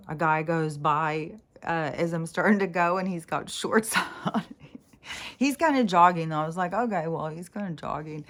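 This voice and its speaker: A woman with a slightly low voice rambles through a casual vlog story. She laughs between sentences, swears freely, and slips into mocking voices when she quotes other people. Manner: chatty, laughing often, swearing, quoting people in put-on voices. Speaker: vlogger.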